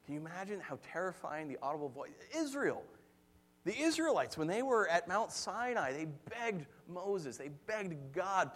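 A man preaching a sermon, telling stories with lively acted-out quotes and frequent laughter. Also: sits high, moderate pace. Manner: animated storytelling, acts out quotes, laughs often. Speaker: pastor.

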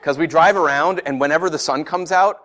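A man preaching a sermon as pastor, animated and fond of acting out mocking voices, with frequent laughs. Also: on the high side, fairly quick.

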